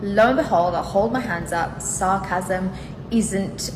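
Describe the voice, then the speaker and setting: A British woman talks in a brisk, breezy way, with a sarcastic edge. Her voice sits in a roomy space with a long, hanging echo. Steady background noise runs under her. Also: mid-range voice. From Britain. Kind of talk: defensive statement video. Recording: echoey room with clear background noise.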